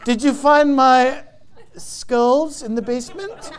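A preacher putting on a gloating skull collector. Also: male voice, extremely high pitch, some chatter behind, pitched above the performer's own voice, heavily acted. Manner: mocking, drawn-out, sly.

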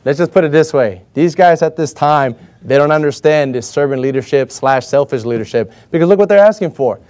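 A male preacher with a fairly high voice delivers a sermon with energetic emphasis. He keeps throwing questions at the congregation and calls for their responses as he goes. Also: brisk. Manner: rhetorical questions and call-and-response.

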